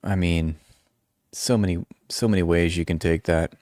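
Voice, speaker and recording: A man's voice: deep voice, steady tone, moderate pace, a little mellow, no echo, clean studio sound. A man running a live-stream commentary, reading articles aloud and breaking off into sarcastic, mocking asides.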